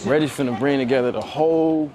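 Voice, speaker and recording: Young dude trash-talking on a street stream, cars going by, mid-pitched voice. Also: male voice, fast talker, a loud crowd. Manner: loud, joking, trash-talking. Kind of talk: casual live-stream talk. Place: outdoors in a city. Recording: outdoor street noise with traffic.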